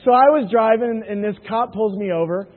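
High-pitched and fairly quick, a sales presenter entertains a hall audience with jokey anecdotes, returning again and again to "right?". His audio is tinny and phone-like, echoing with long hall reverb.

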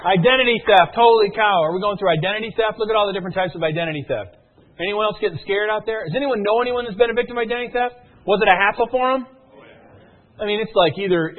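An energetic man pitches a service and tells stories at a rapid clip, often checking whether his listeners are following. His voice is slightly husky and sits a little high for a man. The sound is thin and narrow, like a phone line. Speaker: sales presenter. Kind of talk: sales pitch with storytelling.

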